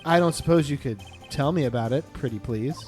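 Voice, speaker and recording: A man's voice: mid-range voice, fairly quick, darkish tone, soft background music, voice pushed down, close to an everyday voice. A man reading the lines of an earnest young male defense lawyer, dry and flustered. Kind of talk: reading game dialogue aloud.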